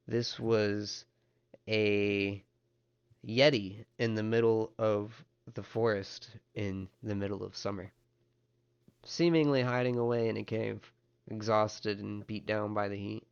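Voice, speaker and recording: Low-voiced man running a tabletop game. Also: takes it slowly, creaky, clear, resonant tone, highs cut off. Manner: relaxed, rambling narration with restarts. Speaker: game master.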